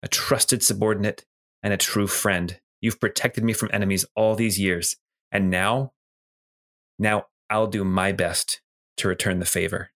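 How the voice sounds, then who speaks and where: A man voicing an aging male field marshal in a tabletop game, speaking slowly and quietly with regret. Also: on the low side, flat delivery. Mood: solemn.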